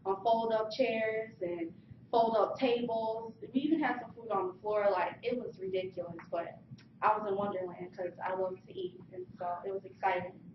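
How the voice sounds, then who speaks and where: A young woman giving a lively personal story speech, acting out the voices of the people in it. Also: mid-range voice, moderate pace, a little hiss or hum. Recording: distant mic in an echoey room, dull sound.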